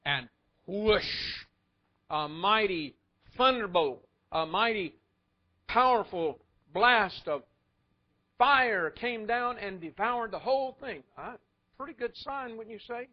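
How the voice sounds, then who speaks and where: A man delivers a sermon, telling its stories in a folksy, wry way. His voice sits a little high. The recording is dull and lo-fi. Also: animated, slow pace. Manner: folksy storytelling with wry asides and chuckles. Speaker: preacher. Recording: muffled lo-fi recording.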